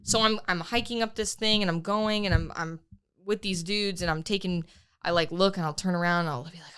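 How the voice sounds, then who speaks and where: Bright, animated young woman telling a story. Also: mid-range voice, brisk, clear, resonant tone. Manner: animated storytelling, acts out her own quotes, swears casually. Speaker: podcast co-host. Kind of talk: casual chat.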